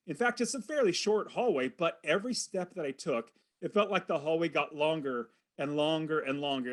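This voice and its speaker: A man's voice: fairly high pitch, a bit bright. Earnest middle-aged man telling his story. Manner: earnest, vivid storyteller who acts out his own inner thoughts. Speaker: podcast guest. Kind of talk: personal storytelling in a podcast interview.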